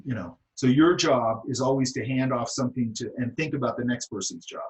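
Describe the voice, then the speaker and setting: Speaking briskly with hardly any pauses, a middle-aged art instructor delivers blunt, casual feedback to his class. His voice is mid-range, the recording rough, and he often checks in with "okay" and "does that make sense."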